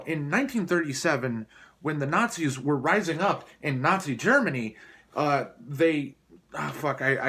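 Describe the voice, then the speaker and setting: A man's voice: mid-range voice, a bit bright. A man doing improvised, single-take vlog commentary in a mocking, sarcastic, rambling way, recorded on a camera placed below him. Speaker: vlogger.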